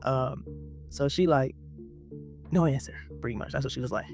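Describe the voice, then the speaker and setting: Casual male vlogger, animated storyteller, rapid talker. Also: medium pitch, soft background music. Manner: animated, acts out quotes, talks straight to viewers.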